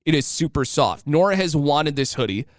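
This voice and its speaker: A man's voice: on the high side, expressive, moderate pace, dry recording, clean studio sound. A man in his thirties telling a casual, joking story as a podcast host. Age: 30s. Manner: chatty and joking, acting out voices.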